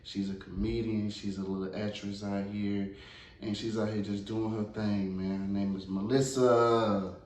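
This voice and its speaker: A man's voice: on the low side, little pitch movement, moderate pace, warm tone, a little hiss or hum. Laid-back man with an Atlanta accent. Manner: laid-back, slangy, repeats phrases. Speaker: podcast host. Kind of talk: casual podcast interview. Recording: echoey room, distant mic.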